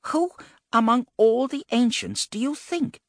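A man's voice: fairly low pitch, very animated, slow, bright, forceful tone, breathy edge, dry recording, studio quality, exaggerated voice. A man voicing an ancient giant male serpent spirit, proud and easily irritated. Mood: indignant. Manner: huffy, incredulous.

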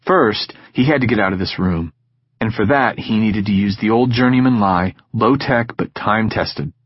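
A man narrating a science fiction audiobook in measured, steady storytelling. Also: lowish voice, breathy edge, no room sound, muffled recording. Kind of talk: scripted narration.

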